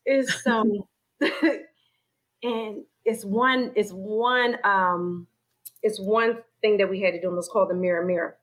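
Woman telling her faith story in an interview, very expressive, acts out what she thought and said, mid-pitched voice. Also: measured pace, rough recording. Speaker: guest sharing her story. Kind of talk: personal faith testimony in conversation.

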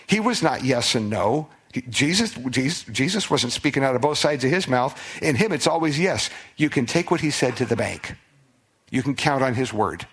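A pastor with a medium-pitched voice preaches a conversational expository sermon. He's animated, reading and unpacking the text while putting questions to his listeners.

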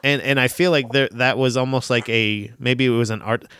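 A man's voice: mid-range voice, steady tone, fairly quick, fairly bright tone, smooth. A man chatting casually with a friend, rambling and swearing, often restarting his sentences. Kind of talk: casual chat.

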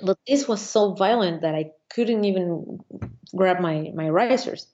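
A woman paraglider pilot from Venezuela, recounting her competitions in a casual interview, animated and laughing often, with many restarts. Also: on the low side, a little slow, slight background noise. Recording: slightly dull lo-fi audio.

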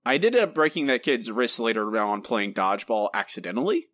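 A man co-hosts a podcast in easy, chatty talk and laughs often. His voice is mid-pitched and recorded dry and close, with no room sound. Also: very animated, fairly quick, a bit bright, no echo. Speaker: podcast co-host. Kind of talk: casual chat.

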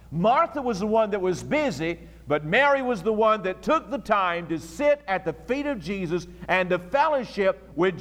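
A male pastor with a high voice preaching from the pulpit. He leans hard on key words, slowing right down for emphasis. The archival church recording has a long, echoing reverb. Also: a bit bright. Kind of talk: sermon. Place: church sanctuary.

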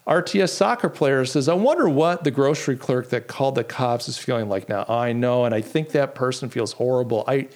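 A middle-aged American man hosts his own podcast and talks in an easy, unscripted way. He answers his chat and then works himself up while he retells a story, stumbling over restarts. His pitch sits in the middle for a man. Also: a little fast, hardly any pauses. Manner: animated, indignant storytelling with lots of restarts. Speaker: podcast host. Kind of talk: casual solo podcast talk, reading chat comments.

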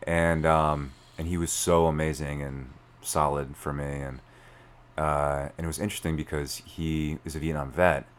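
Very deep-voiced man telling a story. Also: moderate pace. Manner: animated, filler-heavy storytelling. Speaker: podcast guest. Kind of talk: storytelling in conversation.

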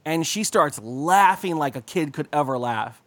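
A man's voice: on the high side, expressive, unhurried, a bit bright, dry recording. A young man co-hosting a comedy podcast, telling crude, rambling stories full of swearing. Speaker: podcast co-host. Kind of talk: casual comedic chat.

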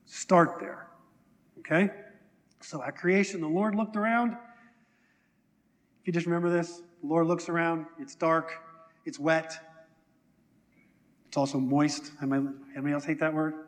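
A man's voice: fairly high pitch, measured pace, long pauses, in a large hall. A man preaching a sermon to a congregation in a conversational way, often asking them questions. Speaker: pastor. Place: church hall.

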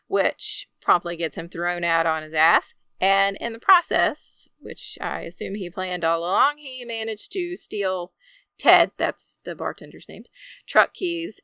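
A woman co-hosting a casual podcast, calmly narrating a movie's plot. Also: fairly low pitch, smooth, no echo. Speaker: podcast co-host. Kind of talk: casual movie recap chat.

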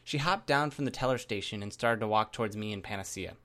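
A man reading a first-person story aloud in a steady, measured narration. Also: on the low side. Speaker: audiobook narrator.

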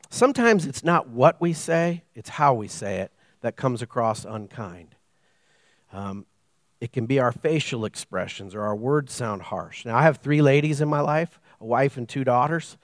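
A middle-aged man preaching a sermon as pastor, telling stories with animated delivery and acting out dialogue. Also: mid-range voice, normal speed, no room sound, studio quality. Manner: animated storytelling, acts out dialogue.

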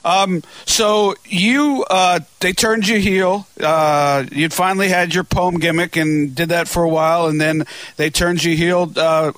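A man's voice: high-pitched, steady tone, measured pace, fairly bright tone, no echo. A man hosting an interview, asking long, rambling questions with many restarts. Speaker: podcast host. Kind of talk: casual interview.

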